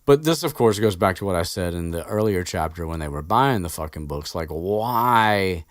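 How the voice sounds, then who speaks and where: A man's voice: sits low, normal speed, a bit bright, dry recording, clean studio sound. A man hosting a podcast, recapping a book in a casual, rambling way with lots of fillers and offhand swearing.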